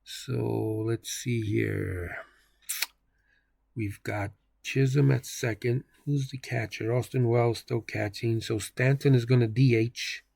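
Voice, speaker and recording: A man's voice: medium pitch, slow, creaky, no echo, clean studio sound. A man hosting a video game channel, calling play-by-play on a baseball simulation with jokey nicknames for the players. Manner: jokey nicknames, excitable on big plays.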